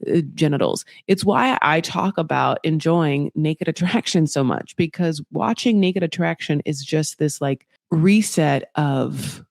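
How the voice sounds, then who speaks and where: A young woman hosts a podcast, recapping a reality show in casual chat with a low, creaky voice. She's animated and profane, often swearing and acting out quotes in shifting, mocking voices. The recording is dry and studio quality.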